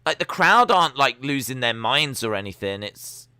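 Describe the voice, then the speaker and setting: A man's voice: medium pitch, big pitch swings, moderate pace, sharp tone, clear, resonant tone, dry recording. A young man hosting a live stream watch-along, giving chatty, sarcastic, opinionated commentary.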